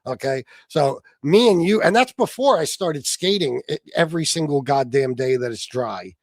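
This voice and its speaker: A man hosting a livestream, arguing in a heated, profane and mocking way, sometimes shouting. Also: fairly high pitch, animated, normal speed, dry recording, studio quality. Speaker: livestream host.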